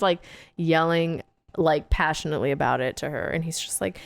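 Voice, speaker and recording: A woman's voice: low voice, moderate pace, creaky, dry recording. A young woman co-hosting a podcast, recapping a film in casual chat and acting out the characters' lines. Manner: retells scenes with put-on quotes, laughs often. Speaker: podcast co-host.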